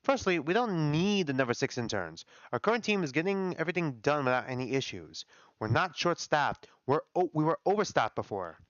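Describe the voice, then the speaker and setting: A man's voice: a little high, big pitch swings, brisk, no room sound. A man voicing a blunt, dismissive male doctor who argues against hiring and lists his objections curtly. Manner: curt, listing objections. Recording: dull lo-fi dry audio.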